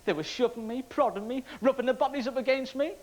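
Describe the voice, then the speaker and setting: A man's voice: extremely high pitch, fast talker, darkish tone, poor audio. A man from Wales performing a stand-up comedy routine with punchy joke delivery. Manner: punchy joke delivery, laughing along with the crowd. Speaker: comedian contestant.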